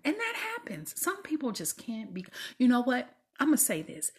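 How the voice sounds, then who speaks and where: A woman hosting a faith-based podcast, speaking in a preachy, exhorting way and often dropping into soft whispers. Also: mid-range voice, big pitch swings, normal speed, breathy edge. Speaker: podcast host.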